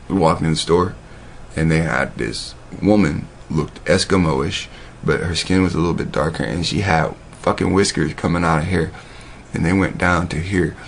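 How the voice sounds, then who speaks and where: A video host with a low voice and vocal fry rambles through profane, meandering stories in a casual monologue, often restarting his sentences. There's a little hiss or hum in the recording.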